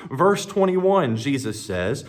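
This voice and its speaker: A man's voice: medium pitch, sing-song, takes it slowly. A male pastor preaching a sermon with emphatic delivery, building up as he quotes scripture.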